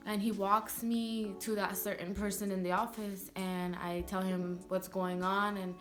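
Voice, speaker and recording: A woman's voice: mid-range voice, level tone, a little slow, fairly bright tone, faint music behind. A young woman vlogger telling a personal story in a rambling way, full of "like" fillers. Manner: rambling, heavy use of "like" fillers.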